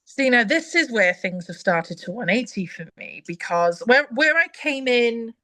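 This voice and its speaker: A woman's voice: on the high side, animated, unhurried, bright, forceful tone. Enthusiastic woman guest chatting. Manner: enthusiastic, rambling with restarts. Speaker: podcast guest. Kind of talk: casual chat.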